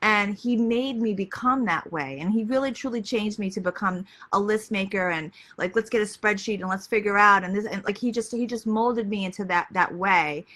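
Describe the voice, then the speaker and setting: A woman in her thirties chatting casually on a live video, hoarse and losing her voice, full of likes and ums. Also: mid-range voice, moderate pace, hardly any pauses, fairly bright tone. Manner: chatty, peppered with "like" and "um". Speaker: lifestyle vlogger. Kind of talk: casual Facebook Live chat.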